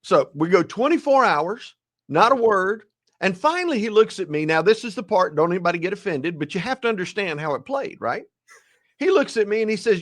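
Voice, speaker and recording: A man in his sixties, a guest telling a story in a lively, dramatic way and acting out the quotes. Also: sits high, moderate pace. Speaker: guest, ethics speaker. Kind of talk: animated storytelling.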